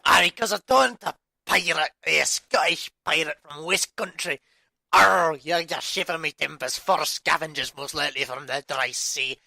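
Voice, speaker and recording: Booming Viking chief, gruff, loud rolling brogue, sharp and bright, dry sound. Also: male voice, normal speed, dry recording, full character voice. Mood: blustering.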